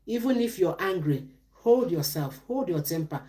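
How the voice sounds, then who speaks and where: A woman's voice: fairly low pitch, expressive, moderate pace, warm tone. A middle-aged woman, giving relationship advice on a live stream in a preachy way, asking questions and answering them herself.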